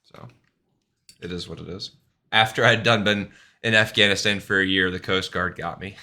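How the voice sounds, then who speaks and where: A man's voice: low voice, fairly even intonation, normal speed, bright, forceful tone. A man streaming a game, telling rambling, profane stories in casual chat and laughing at himself. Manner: profane, rambling, self-deprecating; fillers and restarts, laughs at himself.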